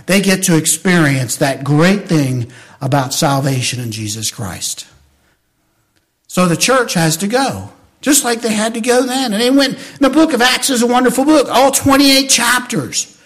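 An older man, preaching from the pulpit. His voice sits high for a man and rings bright. He swings from loud, shouted lines down to soft, hushed storytelling. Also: animated, a little slow. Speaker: pastor. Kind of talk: sermon.

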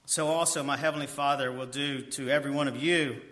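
A man preaching a sermon, reading verses aloud and then asking his listeners questions that he answers himself, dropping to a quiet voice on key points. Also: fairly even intonation, a little fast, a little hiss or hum. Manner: drops to a soft low voice on key points. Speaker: pastor. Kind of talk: expository sermon.

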